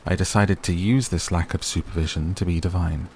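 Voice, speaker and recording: A man narrating a bedtime sleep story in a slow, soft, even reading voice. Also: low-pitched, a little hiss or hum. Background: rain sounds.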